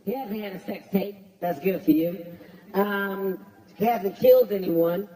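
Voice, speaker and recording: A man doing a stand-up roast, brash and profane, shouting his punchlines. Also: sits high, measured pace. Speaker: comedian at a roast. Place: stage before a live audience. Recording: roomy venue with crowd laughter.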